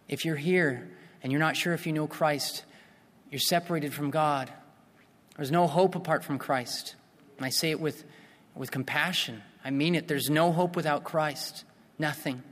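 Earnest preacher in a reverberant hall. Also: male voice, on the high side. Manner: earnest, builds to impassioned appeals; repeats and restarts phrases. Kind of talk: evangelistic sermon.

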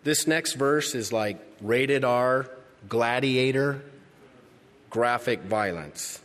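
A man preaching a sermon, reading scripture and swinging from loud, emphatic lines to hushed ones. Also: mid-range voice, slow, big-room sound. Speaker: pastor.

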